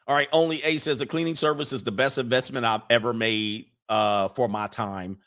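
A man's voice: mid-range voice, fairly even intonation, normal speed, fairly bright tone. A man riffing casually and comically as a streamer reading viewer comments, slangy and crude, breaking into laughter often.

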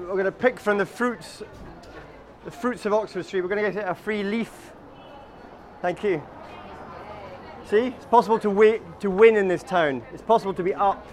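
His voice sits high, and slight background noise is present. The man is a comic tour guide leading a walking group on a city street outdoors, calling everyone guys and telling absurd, chatty comic stories.

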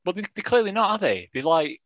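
A man's voice: sits high, sing-song, quick pace, a bit bright, no room sound, highs cut off. A man co-hosting a casual football podcast, talking in dry, wry dialect banter. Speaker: podcast co-host.

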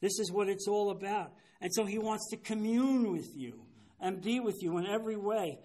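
A man's voice: sits high, normal speed, mellow. A man in his seventies leading a Bible study as pastor, preaching emphatically and often checking in with his listeners. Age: 70s. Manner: emphatic, keeps asking "you understand?". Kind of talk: sermon-style Bible teaching.

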